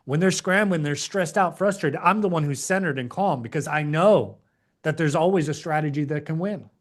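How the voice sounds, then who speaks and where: A man's voice: a little high, normal speed. A man teaching a live online class, emphatic and preachy, acting out the inner voices of doubt. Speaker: course instructor.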